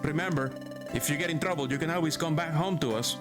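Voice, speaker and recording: A streamer voicing a caring, fretful mother beaver creature from a video game, in a gentle, doting manner, over game music. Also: mid-range voice, fast, close to an everyday voice.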